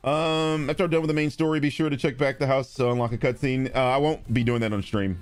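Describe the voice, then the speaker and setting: A man streaming live, chatting casually and responding to viewers, animated and blunt, with frequent swearing. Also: fast, dry recording, faint music behind. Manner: animated, swings between loud and low, swears freely.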